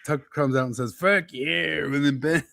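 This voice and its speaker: A man's voice: medium pitch, steady tone, fast talker, dry recording. A man co-hosting a casual podcast, telling political stories with laughs and mimicking quotes. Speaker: podcast host.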